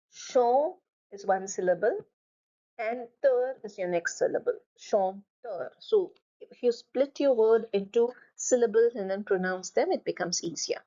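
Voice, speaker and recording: A woman teaching a French class, explaining each point and repeating words slowly for students to copy. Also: fairly high pitch, warm tone, lo-fi sound. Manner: slow, drawn-out repetition of words. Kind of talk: classroom lesson.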